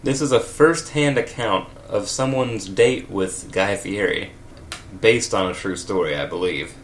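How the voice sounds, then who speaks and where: A man's voice: on the low side, measured pace, slight background noise. A man reading comedic fan fiction aloud, with wry, laughing asides. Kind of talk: comedic read-aloud with commentary.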